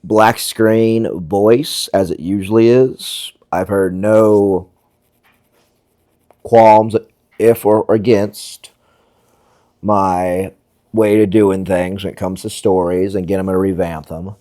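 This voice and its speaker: A man's voice: low-pitched, fairly even intonation, slow, warm tone. A man, a small video creator, chatting casually in a rambling way and interrupting himself with asides. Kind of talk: casual vlog chat.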